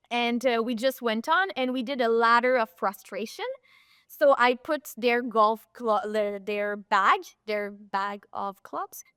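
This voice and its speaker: Bright-voiced woman telling coaching stories. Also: fairly high pitch, clear, resonant tone, no echo, clean studio sound. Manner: animated storytelling, searches for words. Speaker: podcast guest, performance coach. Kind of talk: casual podcast interview.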